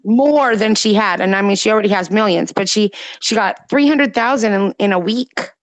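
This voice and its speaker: A woman co-hosting a late-night livestream chat, ranting emphatically and rapidly with plenty of profanity. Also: mid-range voice, dry recording. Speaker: livestream co-host.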